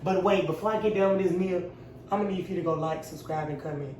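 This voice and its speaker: A man's voice: high-pitched, fast, darkish tone, slight background noise. A man cooking at home and talking straight to his viewers in a loose, profane, joking way while stressed. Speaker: cooking vlogger. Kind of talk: casual cooking chat. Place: home kitchen. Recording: echoey room, mic at a distance.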